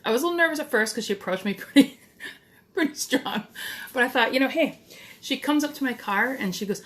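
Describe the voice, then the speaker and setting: A woman's voice: on the high side, lively intonation, fairly quick, fairly bright tone. Blunt, chatty middle-aged woman vlogging. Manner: chatty and blunt, with mild swearing. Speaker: DIY vlogger. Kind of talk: casual direct-to-camera DIY talk.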